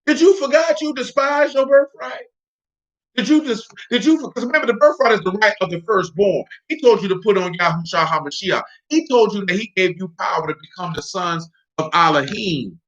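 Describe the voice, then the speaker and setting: A man preaching a sermon, teaching scripture in an animated, emphatic, conversational way. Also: high voice, a little fast. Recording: dull lo-fi recording.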